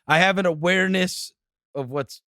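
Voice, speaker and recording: A man's voice: sits high, normal speed, pushed and bright, no room sound, clean studio sound. A man co-hosting a sports podcast, talking emphatically and teasing his co-host. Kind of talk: casual sports podcast chat.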